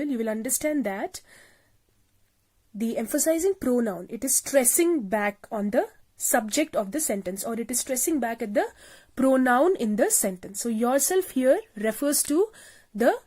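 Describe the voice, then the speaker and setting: A woman's voice: a little high, warm tone. A woman teacher giving a recorded grammar lesson, explaining step by step, repeating points and asking the class questions. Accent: South Asian English.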